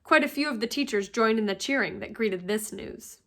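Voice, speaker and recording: A woman teacher reads a novel aloud with a steady, expressive storytelling delivery. Her voice sits high for a woman, and she keeps an even, engaging flow from line to line. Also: brisk.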